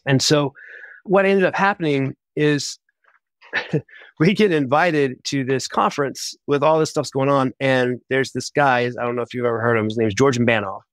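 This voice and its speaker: Man, podcast guest, animated storyteller, quick bursts, dry close sound. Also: medium pitch, no echo. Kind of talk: casual interview storytelling.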